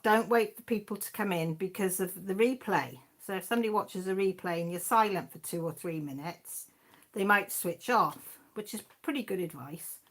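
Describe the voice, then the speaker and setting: Speaking at normal speed in a mid-range, fairly bright voice, this chatty woman from Wales is in her sixties. As host of a casual live stream, she rambles on and reads out messages from the live chat.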